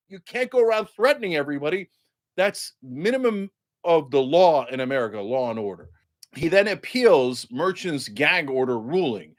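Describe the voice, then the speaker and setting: A man's voice: on the high side, expressive, normal speed. A man hosting a political commentary show, delivering a mocking, sarcastic monologue.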